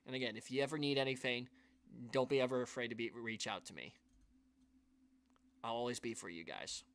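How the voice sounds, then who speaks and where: A man's voice: medium pitch, fairly quick, a bit bright. A man hosting a live stream, talking to his viewers in an earnest, rambling way, full of restarts and sighs, and emotional. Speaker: YouTube channel host.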